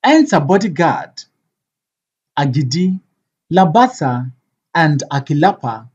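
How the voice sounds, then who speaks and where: An audiobook reader reading stage directions in a measured, plain way. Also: mid-range voice, big pitch swings, darkish tone, breathy edge, dull audio.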